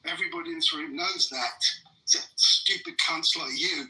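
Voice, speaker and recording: A man's voice: a little high, a little fast, sharp tone, low-quality recording. A man, ranting in fury and swearing hard during a heated live debate. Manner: furious, profane ranting. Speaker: debate participant.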